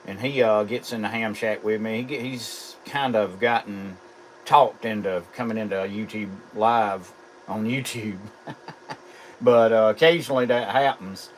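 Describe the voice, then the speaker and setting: A man's voice: lowish voice, steady tone, a little slow. Man, southern drawl, middle-aged, ham radio operator, chatty, faint hiss. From South Carolina. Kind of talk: casual radio chat.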